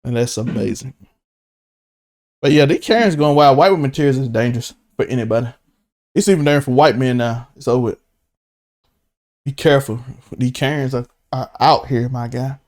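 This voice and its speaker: A man co-hosting a casual podcast chat, excitable, laughing often and swinging from high to low. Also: brisk, long pauses. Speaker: podcast co-host.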